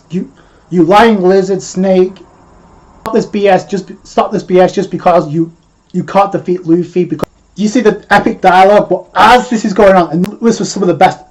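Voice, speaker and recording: High-voiced man excitedly recapping an anime. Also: low-quality recording. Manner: excited fan retelling scenes, loose and rambling. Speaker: anime reviewer. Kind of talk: casual video review recap.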